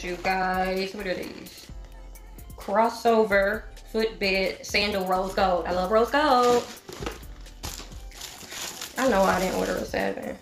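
Middle-aged woman, casual haul chat, higher pitch, roomy echo, music playing underneath. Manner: chatty, addresses viewers as y'all. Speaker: vlogger.

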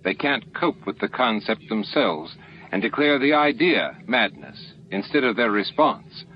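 A man's voice: fairly low pitch, big pitch swings, measured pace. A man reading as a firm starship captain. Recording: lo-fi with faint hiss.

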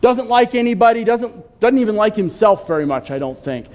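High-voiced man preaching conversationally. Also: lively intonation, a little fast, a little mellow. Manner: conversational preaching with questions to the congregation. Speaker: pastor. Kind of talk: sermon. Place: church sanctuary.

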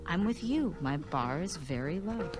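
A woman's voice: on the low side, expressive, unhurried. An actress playing an easygoing, teasing young woman in a video game, heard as game audio with music. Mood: playful.

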